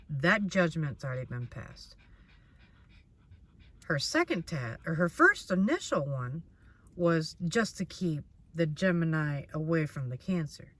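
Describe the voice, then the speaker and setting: A woman's voice: sits low, a bit bright. A woman doing a casual tarot reading in a blunt manner. She swears freely and repeats herself. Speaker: tarot reader.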